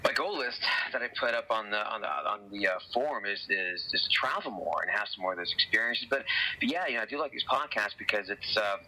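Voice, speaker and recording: A man in a casual podcast chat, talking earnestly and haltingly with many restarts. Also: on the low side, animated, sharp tone, slight background noise, rough recording.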